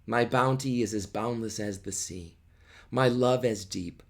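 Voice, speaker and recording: A man's voice: on the low side, a little slow, vocal fry. A man reading out a young lovestruck girl's lines in a lilting, heartfelt way. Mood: earnest. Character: young girl Juliet, earnest and lovestruck.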